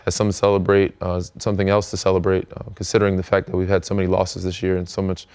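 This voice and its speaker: Speaking very fast in a smooth, low voice, this thirty-something American podcast host, also a professional basketball player, keeps things loose. His casual talk wanders and is thick with fillers.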